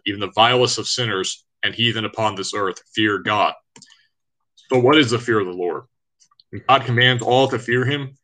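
A man's voice: fairly low pitch, bright, forceful tone, low-quality recording. Earnest man reading scripture. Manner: earnest, measured, with frequent uh fillers. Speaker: online Bible teacher. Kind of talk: reading scripture and preaching to camera.

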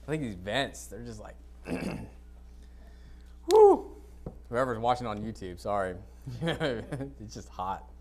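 A man preaching an informal sermon to a congregation, reading scripture and adding blunt, dismissive asides while often clearing his dry throat. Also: mid-range voice, huge pitch swings, slow, long pauses, warm tone. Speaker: pastor. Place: church sanctuary, speaking to a congregation.

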